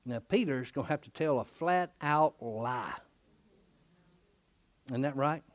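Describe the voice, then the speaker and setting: A middle-aged man preaching a lively sermon in a folksy way. He laughs often, asks his listeners "isn't that right?" and acts out the people in the passage he is reading. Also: mid-range voice, takes it slowly. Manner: animated, folksy, laughing often, acting out quotes.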